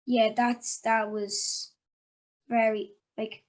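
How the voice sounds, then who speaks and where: A woman's voice: fairly high pitch, level tone, extremely slow. A woman hosting a casual interview, chatty and giggly, with lots of ums and likes. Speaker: interviewer and host.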